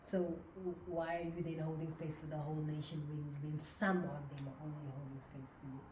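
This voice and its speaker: A woman's voice: low voice, flat delivery, a little fast, a little mellow. A middle-aged woman from South Africa in a heartfelt podcast conversation with her daughter. She asks pointed, searching questions in an earnest way. Her voice carries a noticeable room echo over a faint background hiss. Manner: earnest, probing, emotional. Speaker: podcast co-host, mother. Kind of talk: casual heart-to-heart chat. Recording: echoey room with faint noise.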